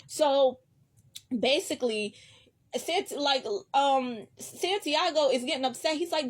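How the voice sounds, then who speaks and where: A woman with a slightly high voice recaps an episode for her reaction vlog. She talks bluntly and casually, swearing freely and throwing in animated asides as she goes. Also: takes it slowly. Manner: blunt, heavily profane, animated retelling. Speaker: reaction vlogger.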